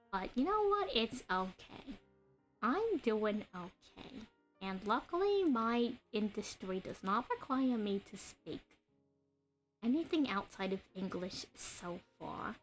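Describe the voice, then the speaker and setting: A young adult woman streaming while she draws, chatting and rambling to her viewers in a deliberately adopted voice and cadence. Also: mid-range voice, sing-song, faint music behind. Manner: chatty, rambling, greets chat by name. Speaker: streamer and artist. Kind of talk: casual live-stream chat while drawing.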